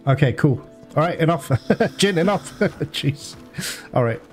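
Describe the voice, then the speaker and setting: A man commentating his own gameplay, excitable and prone to swearing and laughing. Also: a little high, unhurried, faint music behind. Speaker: gameplay streamer.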